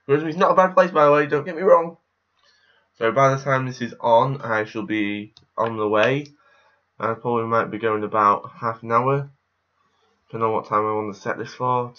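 A man's voice: mid-range voice, sharp tone, lo-fi sound. A young man vlogging casually, rambling with frequent restarts and self-corrections. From England. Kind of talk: casual daily vlog to camera.

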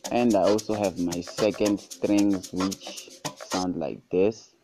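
A man narrating a casual music production tutorial, relaxed and easygoing, often calling out to his viewers and praising each sound. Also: low-pitched, slow pace. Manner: relaxed, repeats "guys" and "super cool".

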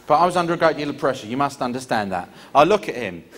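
A man doing stand-up comedy, telling a story in an animated, theatrical way. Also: mid-range voice, fast.

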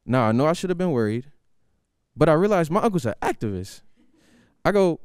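A young man performs stand-up in a studio, telling a story in an animated, chatty way. His voice is smooth and mellow, with lively swings in pitch. The sound is close and dry. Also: brisk, no echo. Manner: animated, conversational. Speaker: stand-up comedian. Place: university TV studio.

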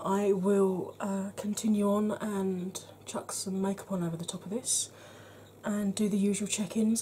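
Frank, chatty woman reviewing makeup, mellow voice. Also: mid-range voice, slight background noise. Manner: chatty and frank, dry jokes, drops to a half-whisper while blending. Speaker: beauty vlogger. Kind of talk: casual makeup review to camera.

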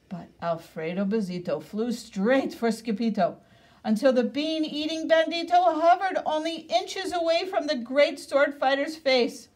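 A woman reading a picture book aloud for kids, expressive and sprinkled with playful Spanish words. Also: high-pitched, unhurried. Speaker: reader.

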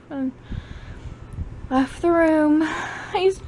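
A teenage girl vlogging casually from home late at night, tired and rambling with soft trailing asides. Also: sits high, a little slow, long pauses. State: exhausted.

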